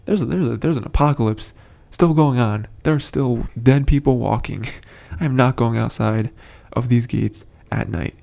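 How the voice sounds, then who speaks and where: Gravelly man rambling through a recap. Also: medium pitch, normal speed, hardly any pauses, mellow. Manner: rambling, frequent fillers and restarts; chuckles between points. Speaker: show commentator. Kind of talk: casual episode recap.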